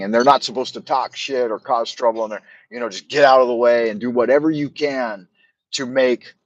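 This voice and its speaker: A man's voice: mid-range voice, dry recording. Rambling, profane middle-aged man on a dull mic. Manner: loose and profane, with many fillers and restarts. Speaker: livestream host. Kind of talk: casual rambling storytelling.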